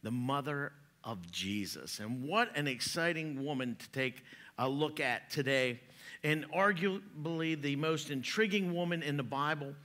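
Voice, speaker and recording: Man, pastor, church sermon, folksy jokes, bright forceful voice. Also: on the high side, expressive, unhurried. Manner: joking, folksy, chuckles at own jokes. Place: church sanctuary.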